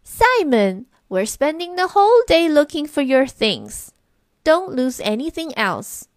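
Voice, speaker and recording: Woman doing a bright, scolding young girl, high and exclaiming, dry close sound. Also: sing-song, unhurried, no echo, exaggerated voice. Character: excitable young girl, scolding her little brother.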